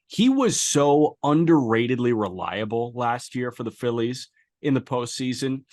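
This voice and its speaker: A man's voice: mid-range voice, animated, darkish tone. Enthusiastic male baseball podcast co-host. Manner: enthusiastic, recaps game stats in a brisk flow. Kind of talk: casual sports podcast chat.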